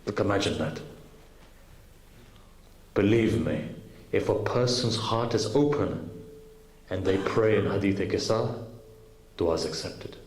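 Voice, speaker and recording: A man's voice: low voice, unhurried, long pauses, darkish tone. Earnest preacher man in an echoey hall. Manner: earnest, addresses the audience directly. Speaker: preacher at a majlis. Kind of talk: sermon storytelling. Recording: roomy hall recording with faint noise.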